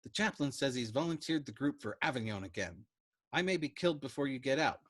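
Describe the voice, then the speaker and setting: A man's voice: medium pitch, lively intonation, fairly quick, a bit bright, voice pushed up. A man voicing a frightened young male bomber pilot who pleads with an intense, urgent manner. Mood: pleading.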